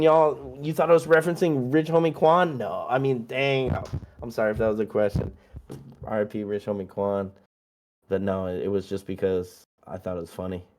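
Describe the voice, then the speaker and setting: A young male musician guest with a warm, lowish voice chats casually through a long list of his releases. He rambles and jokes, using plenty of fillers.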